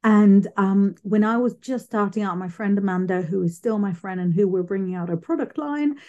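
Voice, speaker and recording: A woman speaking as a psychic medium guest in a casual interview, chatty and animated, often restarting her sentences. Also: medium pitch, normal speed, lo-fi sound. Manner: chatty, animated, self-correcting.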